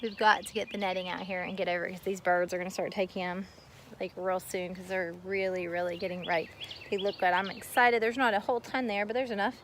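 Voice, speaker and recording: A woman's voice: medium pitch, steady tone, quick pace, a little hiss or hum. A woman chatting casually as she walks through her garden filming on a phone, rambling a bit and a little out of breath. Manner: chatty, rambling, talks to kids and dog while filming. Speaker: homestead vlogger giving a garden tour. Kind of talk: casual walking garden tour. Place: outdoors in a backyard garden. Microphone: phone camera held while walking.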